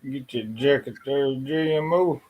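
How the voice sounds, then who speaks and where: A man's voice: mid-range voice, unhurried, dull audio, slight background noise. A man hosting a casual chat, folksy and self-deprecating, with casual swearing.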